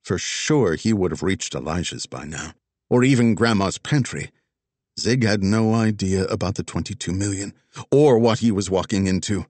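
A man narrating a crime story as an audiobook, with expressive, dramatic storytelling. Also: low-pitched, normal speed, no room sound.

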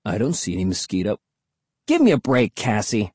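A sarcastic, skeptical boy who scoffs and grumbles, as a male reader puts him on. The voice swings lively in pitch, with a husky, dry sound. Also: a little fast, no echo, full character voice. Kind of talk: audiobook character voice.

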